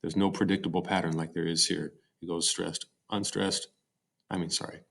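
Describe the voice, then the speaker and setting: Man, very low voice, poetry lecture narration, explanatory, some ums and restarts. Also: flat delivery, normal speed, gravelly, fairly bright tone. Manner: explanatory, with fillers and self-corrections. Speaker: teacher. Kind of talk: recorded slide-show lecture.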